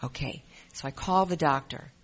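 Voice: mid-range voice, a little fast, fairly bright tone. A speaker giving an earnest, emotional personal testimony in a recovery program, often repeating phrases. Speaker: member sharing in a recovery program.

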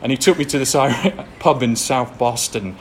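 This is a candid recovery testimony from an English-accented man speaking to an audience at a moderate pace and medium pitch. He's blunt and self-deprecating, laughing here and there, and a faint hiss or hum runs through the recording.

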